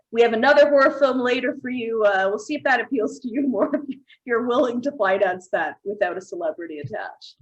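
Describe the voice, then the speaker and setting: A woman's voice: a little high, normal speed, poor audio. A woman hosting a casual comedy show, playful and laughing often as she reads out viewer comments. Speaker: host.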